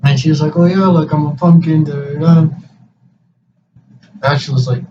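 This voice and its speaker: A young man in his twenties with a slightly high voice spins a profane, rambling tale. He acts out each friend's lines as he goes. The recording is lo-fi, with him set back from the mic and a clear hiss underneath. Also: a little slow. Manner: profane, rambling, animated retelling with quoted dialogue. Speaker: podcast host. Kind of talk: casual storytelling chat. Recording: distant mic, dull lo-fi sound with clear background hiss.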